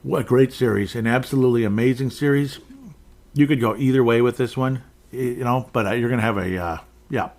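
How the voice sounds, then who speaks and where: A man's voice: mid-range voice, a little fast, a little mellow. A man hosting a podcast, talking casually through sports predictions, rambling and correcting himself, often chuckling. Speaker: podcast host.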